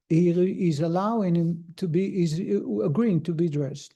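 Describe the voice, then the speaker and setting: A man's voice: high voice, moderate pace, few pauses, mellow. A man, a rabbi, teaching a class in an informal, storytelling way with frequent restarts. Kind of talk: conversational lesson with a parable.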